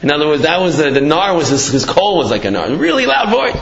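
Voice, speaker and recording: A man's voice: on the high side, big pitch swings, quick pace. A man giving a casual, storytelling Torah talk, sprinkling in Hebrew and Yiddish terms with many fillers. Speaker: Torah teacher. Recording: echoey dull lo-fi room.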